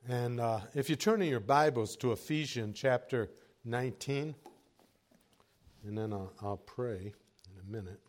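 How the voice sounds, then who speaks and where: A man preaching a sermon as pastor, telling folksy stories with chuckles and moving from quiet asides to raised exhortation. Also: mid-range voice, unhurried.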